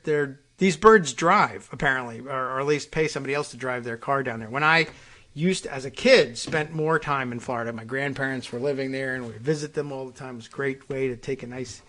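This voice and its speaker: A man's voice: mid-range voice, a bit bright. A man hosting a radio talk show, reading news items aloud and breaking off into dry, sarcastic asides with frequent fillers and restarts.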